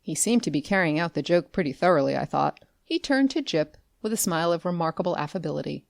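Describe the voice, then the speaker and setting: A woman reads a classic tale aloud in an expressive, animated storytelling voice. Her voice sits on the low side, and the recording is close and dry. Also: quick pace, vocal fry, hardly any pauses, no room sound. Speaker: audiobook narrator. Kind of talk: scripted narration.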